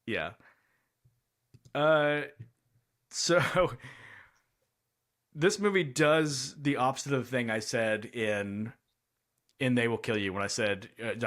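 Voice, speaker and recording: A man co-hosting a casual movie review chat, speaking in a thoughtful, hedging way with frequent pauses and fillers. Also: mid-range voice, a bit bright. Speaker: podcast co-host.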